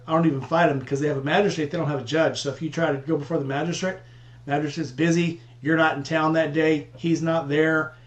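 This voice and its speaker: Casual male co-host, a bit high-voiced, profane anecdotes, echoey room. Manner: profane, laid-back anecdotes. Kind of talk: casual storytelling among friends.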